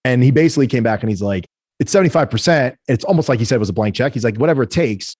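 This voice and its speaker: A man, a guest entrepreneur, telling business stories in a lively, conversational way and acting out the other people in them. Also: medium pitch, rapid-fire, breathy edge, no echo, clean studio sound. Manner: animated, acts out quoted voices. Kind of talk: conversational storytelling.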